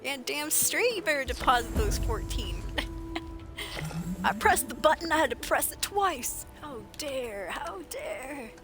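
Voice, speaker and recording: A woman's voice: sits high, a little slow. Chatty woman streamer over game music. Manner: chatty, laughs often, animated storytelling. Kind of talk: casual gameplay livestream chat.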